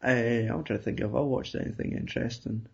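A husky-voiced man hosts a loose chat, at a typical middle pitch for a man. He tells rambling stories, laughs easily and steers the talk with questions. The sound is a bit dull and lo-fi. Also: a little fast, darkish tone. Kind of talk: casual chat.

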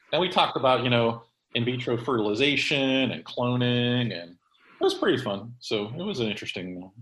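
Man, podcast host, casual chat, rambling, lots of ums and uhs, mid-pitched voice. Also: fairly bright tone, roomy sound, low-quality recording. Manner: rambling, many fillers and restarts.

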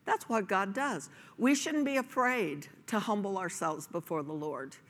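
A woman's voice: mid-range voice, unhurried. A woman pastor delivering a sermon, earnest and emphatic, pressing her points with rhetorical questions. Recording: long hall reverb.

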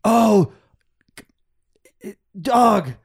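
A man's voice: sits high, animated, very slow, gravelly, breathy edge, pitched above the performer's own voice, heavily acted. A man playing an oblivious dog owner at a climbing crag, breezy and sheepish as he calls his dog. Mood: doting, oblivious.

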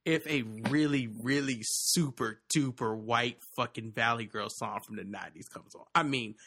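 A man with a bright, forceful voice and an ordinary pitch, talking loosely in a casual chat. He teases and tells animated stories, and he swears freely as he goes. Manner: profane, teasing, animated storyteller.

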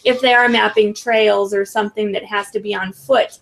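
A woman with a gravelly, fry-laden voice chats on a podcast. She talks hesitantly and casually, circling back and restarting her sentences. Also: mid-range voice, fairly even intonation, moderate pace, fairly bright tone. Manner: hesitant, many restarts and fillers. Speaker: podcast co-host. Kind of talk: casual chat.

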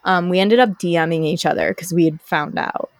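A woman's voice: fairly low pitch, moderate pace, no echo, clean studio sound. A young woman, a podcast guest, telling a personal story in casual chat and acting out the people in it. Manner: animated, acts out quoted people.

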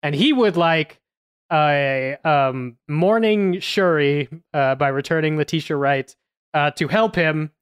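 Smooth-voiced woman reviewing a film. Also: low voice, dry recording, clean studio sound. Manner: measured, full of uh fillers. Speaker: podcast host.

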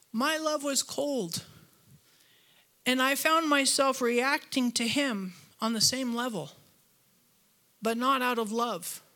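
A woman preaching a church sermon, telling stories with lively, self-deprecating humor. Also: on the high side. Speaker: guest preacher. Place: church auditorium.

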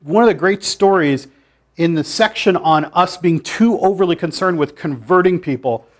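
A man's voice: high-pitched, normal speed. A man giving an informal sermon to a church group, conversational and challenging, with dry asides. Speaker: pastor. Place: church meeting room.

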